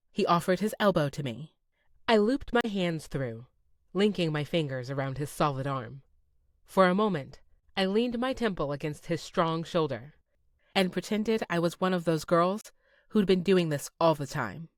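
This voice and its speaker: A woman reading a first-person romance audiobook in a soft, dreamy manner, close to the mic. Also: on the low side, no room sound. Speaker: audiobook narrator. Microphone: close studio mic.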